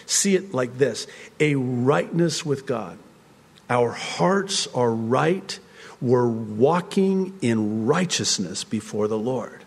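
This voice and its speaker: A middle-aged man preaches in a church sanctuary, his voice ringing with the long reverb of a large hall. He speaks slowly and deliberately, climbing to forceful emphatic peaks before dropping back to a soft conversational tone. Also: mid-range voice, lively intonation. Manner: rises to emphatic peaks, then drops quiet and conversational. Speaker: pastor. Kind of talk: sermon.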